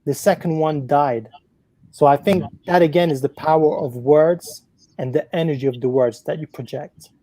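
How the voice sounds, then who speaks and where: Woman co-host with a mellow voice, chatty. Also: low-pitched, moderate pace, no echo, rough recording. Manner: chatty, lots of "like" and "you know" fillers. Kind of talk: casual live-stream chat.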